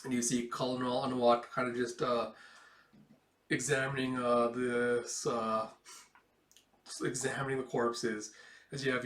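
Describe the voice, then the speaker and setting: A man's voice: medium pitch, flat delivery, a little slow, long pauses, fairly bright tone. Guy rambling thru a comic, lots of likes and uhs, echoey room. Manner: rambling, filler-heavy retelling. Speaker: comic book reader and reviewer. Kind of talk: casual read-through with reactions. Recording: roomy echo.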